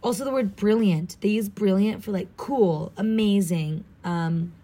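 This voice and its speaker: A woman's voice: medium pitch, unhurried, warm tone. A young American woman from Southern California, studying abroad and chatting casually in a bubbly, gushing way, saying "like" a lot and sounding tired and jet-lagged. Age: young adult. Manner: bubbly and gushing, heavy use of "like". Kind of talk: casual vlog chat.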